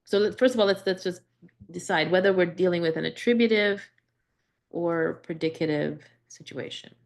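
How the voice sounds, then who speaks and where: A woman's voice: fairly low pitch, normal speed, creaky. A woman teaching a Greek grammar class, explaining step by step with frequent "right?" checks and restarts. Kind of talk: live class lesson.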